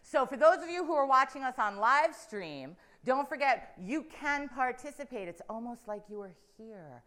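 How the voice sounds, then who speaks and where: A woman's voice: high voice, animated, normal speed, fairly bright tone. Playful woman emceeing a live show. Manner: playful, chatty, addressing a crowd.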